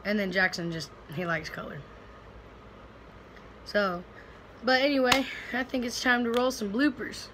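A woman's voice: fairly high pitch, measured pace, pauses often, background noise. Chatty young woman. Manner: rambling, chatty, lots of fillers and restarts. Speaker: vlogger. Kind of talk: casual vlog chat. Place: at home, indoors.

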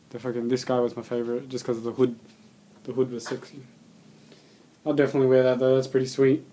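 A man's voice: mid-range voice, darkish tone. A young man, unboxing a subscription box, rambling and swearing casually as he mutters to himself.

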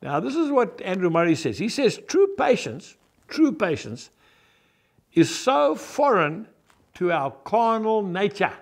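A man's voice: high voice, big pitch swings, unhurried, gravelly. A man preaching a folksy, emphatic devotional sermon, talking straight to his viewers as "folks". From South Africa. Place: on his farm.

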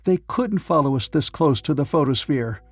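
A man's voice: on the high side, lively intonation, moderate pace, slightly rough, no room sound, faint music behind. A male narrator voicing a reckless giant of a pilot who roars out orders. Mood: exultant. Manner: roaring orders.

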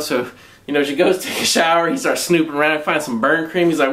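A man's voice: fairly high pitch, fairly even intonation, fairly quick, a bit bright. A man with a Southern US accent reviewing a movie in a rambling, casual way, swearing constantly and using slang.

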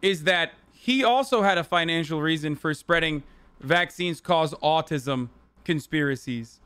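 Slow-talking high-voiced male streamer. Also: fairly bright tone, smooth. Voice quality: profane, laid-back. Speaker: streamer reacting to a video. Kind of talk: casual reaction commentary.

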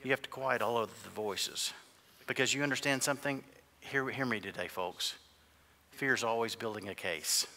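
Preaching man with a bright voice. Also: medium pitch, normal speed, slight background noise. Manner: preaching with big swings from quiet to shouting. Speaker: pastor. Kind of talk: sermon. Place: church sanctuary. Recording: long church reverb.

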